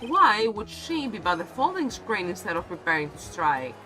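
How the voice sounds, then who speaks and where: A woman voicing an earnest young male defense lawyer, arguing firmly and deliberately. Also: medium pitch, sing-song, sharp tone, soft background music.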